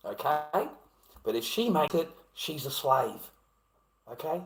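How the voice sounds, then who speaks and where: A man's voice: fairly high pitch, sing-song, slow, vocal fry, a bit bright, roomy sound. A man in his fifties with an Australian accent, ranting profanely and mocking his chat during a casual livestream. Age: 50s.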